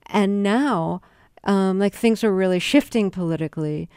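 A woman's voice: mid-range voice, measured pace, a little mellow, clean tone, no room sound, clean studio sound. A woman interviewing a guest in a conversational radio interview, phrasing her questions thoughtfully with many fillers.

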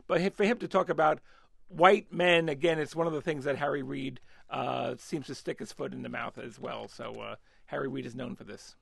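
A man's voice: medium pitch, steady tone, normal speed, creaky, breathy edge. A man talking politics as an analyst on a radio talk show, hesitant with many fillers and restarts.

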